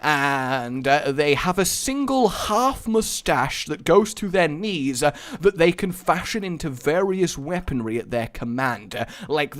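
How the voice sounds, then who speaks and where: A man with a somewhat high voice rambling through a gameplay commentary, goofy and playful. He drifts into silly tangents and breaks out into loud, exasperated shouts. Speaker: gaming commentator. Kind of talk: playing a game with commentary.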